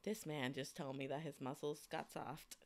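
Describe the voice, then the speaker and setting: A woman's voice: deep voice, normal speed. A young woman co-hosting a casual fan podcast, chatting and laughing with friends. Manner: laughing, animated fangirl chatter. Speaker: podcast co-host. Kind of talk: casual chat.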